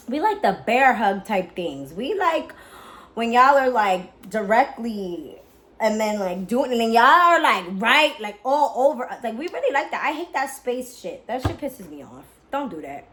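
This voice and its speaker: A young woman vlogging in a casual, candid way, swearing freely, full of "like" fillers and excitable chatter. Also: on the high side. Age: young adult. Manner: candid, profane, lots of "like" fillers. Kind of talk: casual vlog chat.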